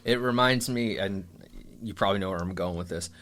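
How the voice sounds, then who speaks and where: Easygoing low-voiced man chatting about movies. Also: fairly bright tone. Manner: easygoing, chatty, quick agreeing asides. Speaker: podcast host. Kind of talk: casual movie discussion.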